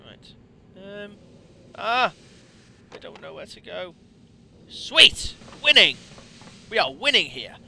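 An excitable man commentates his gameplay in a high voice that leaps all over the place. The noisy home recording has clear background noise running under him. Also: a little slow, pauses often. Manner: excitable, yelps and swears at the game. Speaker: let's play host.

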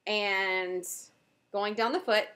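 A woman's voice: mid-range voice, steady tone, takes it slowly, a bit bright. A woman hosting a knitting video podcast, chatting casually and enthusiastically about her projects with frequent fillers. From Southern US. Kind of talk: casual show-and-tell chat.

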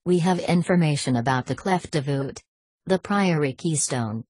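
A woman's voice: sits low, lively intonation, normal speed, a little mellow, breathy edge, no echo. A woman voicing a determined young woman in an audiobook, firm and direct.

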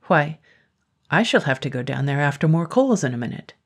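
A woman's voice: low-pitched, very animated, a little fast, exaggerated voice. Woman doing a timid stammering blacksmith. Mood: nervous. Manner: stammering, nervous politeness. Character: timid, trembling middle-aged male blacksmith.

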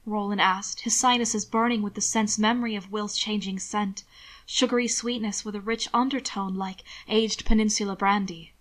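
A woman narrating a story aloud with a soft, steady delivery at a middle pitch. Her reading is even and unhurried as she describes each scene. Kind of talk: reading fan fiction aloud.

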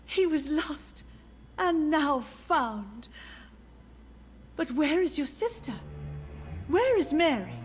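An actress playing a gentle, wistful older mother who is grieving, in a video game. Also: sits high, sing-song, slow, long pauses, full character voice.

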